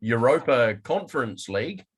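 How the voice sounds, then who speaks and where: A man's voice: mid-range voice, big pitch swings, normal speed, slightly rough. A man co-hosting a sports podcast, reading the news steadily with dry jokes. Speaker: podcast co-host.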